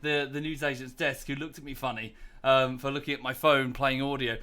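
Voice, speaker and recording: A man streaming and telling a story over voice chat, animated and swearing freely, talking into a headset. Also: on the high side, a little fast, few pauses. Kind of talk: casual voice-chat banter.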